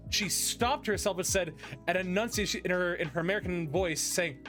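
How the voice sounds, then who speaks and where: A man's voice: high-pitched, animated, moderate pace, a bit bright, faint music behind. A man hosting a podcast, chatting casually and telling stories with lots of restarts and fillers. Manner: rambling storyteller, many restarts and fillers. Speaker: podcast host. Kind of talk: casual chat.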